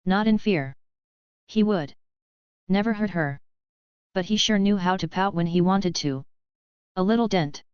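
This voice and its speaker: A woman reads a romance audiobook in a measured, unhurried storytelling voice. Her tone is strikingly clean and slightly low, with a dry, close sound. The recording is a little muffled. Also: clear, resonant tone, no room sound. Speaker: audiobook narrator. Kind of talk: scripted romance narration.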